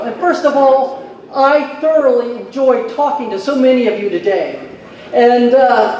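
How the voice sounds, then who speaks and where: A man emceeing on a convention stage, telling jokes and introducing speakers in a folksy, animated way. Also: extremely high pitch, slight background noise. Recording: echoey hall from far off.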